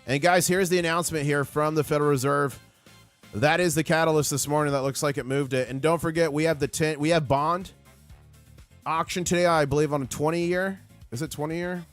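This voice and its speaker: A man hosting a live stream, giving excitable market commentary and reading viewer comments aloud. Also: fairly high pitch, a little fast, faint music behind. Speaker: livestream host.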